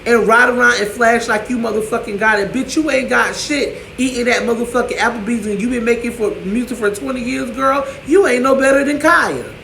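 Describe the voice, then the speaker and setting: A man's voice: extremely high pitch, a little fast, vocal fry, hardly any pauses, bright, forceful tone, a little hiss or hum. A man ranting to camera in a profane, sassy, scolding way, in an echoey room. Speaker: vlogger.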